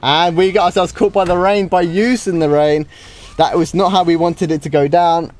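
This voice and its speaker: His voice is high-pitched with a darkish tone, fairly even intonation, and a moderate pace. He's a British streamer casually reacting to his live game duels, dropping frequent wows and restarting sentences, while game music plays faintly.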